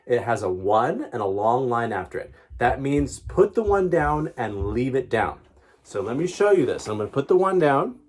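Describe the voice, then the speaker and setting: A man's voice: mid-range voice, a little mellow. A man teaching a violin lesson, patiently explaining step by step with encouraging asides. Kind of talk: music lesson.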